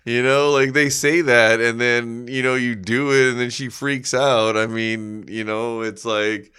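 A man riffs on odd news stories in a loose, profane way. He laughs constantly and rambles. His voice is bright and smooth, crisp and clear. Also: mid-range voice, fairly even intonation, measured pace. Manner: laughs often, swears a lot, rambling. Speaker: podcast co-host. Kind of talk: comedic news banter.

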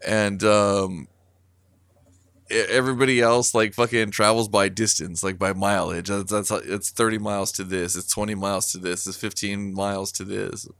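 Casting: man, low-pitched and smooth, dry close sound, loose rambling storyteller who swears a lot. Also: fairly even intonation, normal speed, fairly bright tone, no room sound. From California. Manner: rambling, many fillers and swearing, laughs through the telling. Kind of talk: casual storytelling, profane.

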